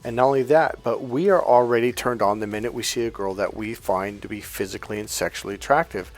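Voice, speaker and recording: A man's voice: lowish voice, fast talker. Blunt middle-aged man telling a story. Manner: blunt, profane, emphatic. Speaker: dating coach. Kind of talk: casual storytelling advice monologue.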